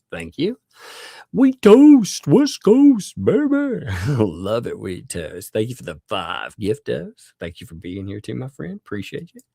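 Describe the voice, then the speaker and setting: A man hosts a casual live stream with a very low, gravelly voice that still swings widely in pitch. He rambles and chuckles as he thanks members one by one. His voice sounds close and dry, with no room around it. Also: darkish tone, no room sound. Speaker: livestream host.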